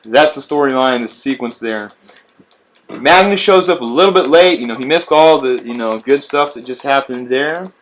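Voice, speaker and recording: A man's voice: mid-range voice, moderate pace, slight background noise. Profane man doing game commentary. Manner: profane, rambling, laid-back. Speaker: video game walkthrough player. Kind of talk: casual gameplay commentary. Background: game music.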